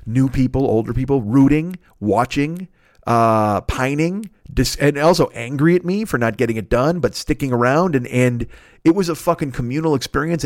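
A man's voice: medium pitch, dry recording. Male podcast host doing his own plugs, casual and swearing, dry close mic. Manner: loose, profane, rambling with self-corrections. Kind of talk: casual plugs and sponsor reads.

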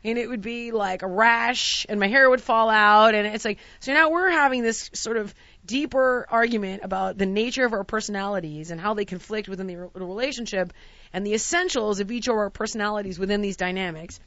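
A woman's voice: medium pitch, a little fast, dry recording, lo-fi sound. A woman in casual chat, telling a long travel story and acting out the quotes with exasperated outbursts. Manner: acts out quotes, shouting in exasperation.

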